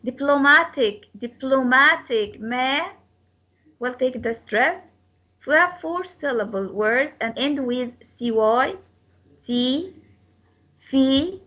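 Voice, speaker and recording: A woman with a high voice leads a class on English stress, speaking slowly and repeating each example word, sometimes cutting it into syllables. The recording sounds dull and lo-fi. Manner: slow, repeats words and splits syllables to model stress; non-native grammar slips. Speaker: English teacher.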